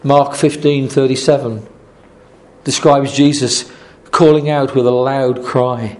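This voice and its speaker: A man's voice: mid-range voice, fairly even intonation, slow. A man preaching a sermon earnestly, repeating his phrases and restarting often.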